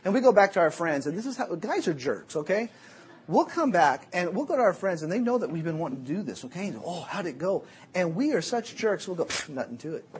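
Animated, high-pitched male Bible teacher. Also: slight background noise. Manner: animated, jokey storytelling. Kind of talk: sermon.

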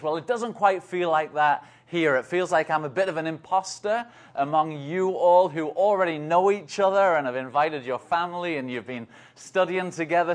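A man from the north of England in his forties, with an English accent and a voice pitched a little above the usual male range. He preaches as a guest speaker in a loose, conversational way. He drops in light jokes at his own expense. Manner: chatty, self-deprecating, joking asides.

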